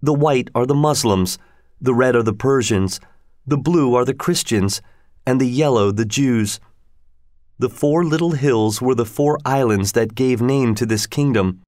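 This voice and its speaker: A man reading a storybook aloud in a measured, even way. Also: mid-range voice, dry recording, studio quality.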